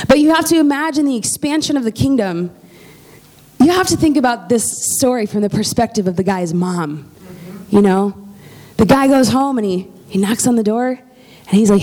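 Conversational woman preacher, fairly high voice. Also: normal speed. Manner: lively, conversational, checks in with "okay?". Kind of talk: casual sermon storytelling.

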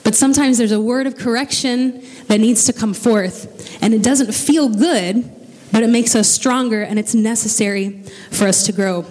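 A woman's voice: on the high side, moderate pace, a little mellow. A woman preacher delivering a sermon, telling the story with casual, joking asides. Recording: long reverb of a large hall.

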